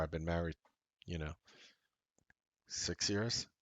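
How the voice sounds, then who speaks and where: A man's voice: sits low, unhurried, long pauses, fairly bright tone, no echo, highs cut off. A man in his thirties hosting a trading show, talking casually with jokey, self-deprecating asides. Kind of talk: casual live-stream talk.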